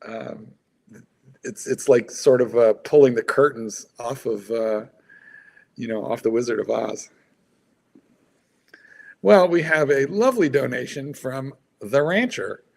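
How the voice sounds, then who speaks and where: A man's voice: medium pitch, animated, unhurried, vocal fry, pauses often, darkish tone. A man hosting a livestream, a playful, teasing storyteller in casual chat. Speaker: host.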